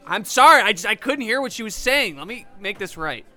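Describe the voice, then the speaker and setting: A man's voice: sits high, lively intonation, a little fast, over music. A man doing an improvised comedy scene, cocky and brash, laughing between lines.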